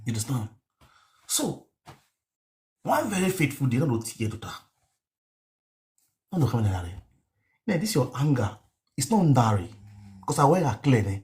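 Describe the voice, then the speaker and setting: A man's voice: medium pitch, moderate pace, pauses often. A man with a Nigerian accent telling a rambling story on a live stream, mixing pidgin with a local language and repeating words. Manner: mixes pidgin and local language, repetitive, animated. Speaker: online show host.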